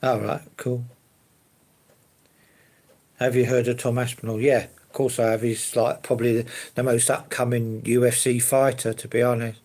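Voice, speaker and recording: Gravelly man chatting live. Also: mid-range voice, level tone, moderate pace, darkish tone. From London. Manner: easygoing, rambling, fillers and hedges like to be honest. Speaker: live streamer. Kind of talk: casual live chat answering viewers.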